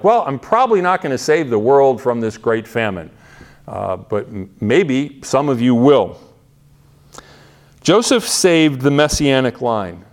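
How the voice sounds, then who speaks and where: Here a male pastor delivers a sermon in a voice on the high side and a little mellow. His tone is earnest and conversational, and he often begins his phrases over again.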